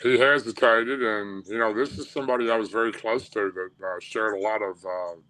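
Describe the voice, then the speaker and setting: Radio guest: man, Tennessee drawl, bright, tense voice, plain-spoken storyteller who restarts his sentences. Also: fairly low pitch, steady tone, normal speed, poor audio. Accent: Southern US, Tennessee. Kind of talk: telling a personal encounter story.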